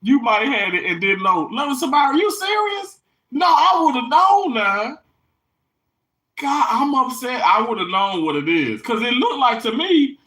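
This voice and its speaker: A woman from Mississippi with a Southern accent, chatting casually and excitedly with viewers on a livestream. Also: a little high, measured pace, poor audio. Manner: animated, exclamatory, talks straight to viewers. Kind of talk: casual live chat.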